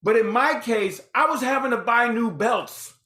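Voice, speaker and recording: A man in his fifties, a podcast guest telling his story in a casual, animated way and acting out the dialogue. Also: very high-pitched, moderate pace. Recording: roomy echoey room.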